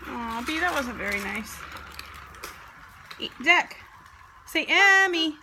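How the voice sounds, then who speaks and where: A woman's voice: sits high, sing-song, slow pace, bright, forceful tone. A young mother in a home video, coaxing her toddlers to say words in a sing-song voice. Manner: coaxing sing-song talk to small children. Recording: noisy home recording.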